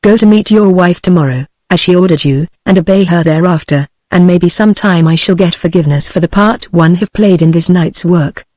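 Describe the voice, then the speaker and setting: A synthetic woman's voice with a British accent, reading the lines of a kindly, brisk old male priest in a text-to-speech audiobook. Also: on the low side, darkish tone, no room sound, close to an everyday voice. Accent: British English.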